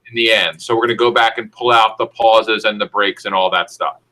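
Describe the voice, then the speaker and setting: A man running a video shoot, giving brisk, directive setup instructions to the people on camera. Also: on the low side, steady tone, sharp tone.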